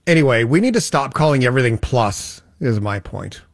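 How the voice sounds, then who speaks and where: A man hosting a casual radio chat in a wry, joking way. His mid-pitched voice is recorded close and dry, with no room sound. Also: animated, a little fast, creaky, no echo.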